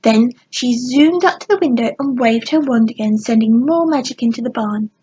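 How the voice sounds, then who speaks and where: A woman narrating a children's storybook in a gentle, expressive bedtime reading. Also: a little high, moderate pace, breathy edge, lo-fi sound. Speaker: audiobook narrator.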